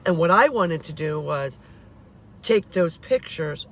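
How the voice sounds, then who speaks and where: She's a woman in her fifties who vlogs about the paranormal, speaking slowly in a low, animated voice as she rambles casually to camera. Frustrated, she swears and frequently restarts what she's saying, and slight background noise can be heard.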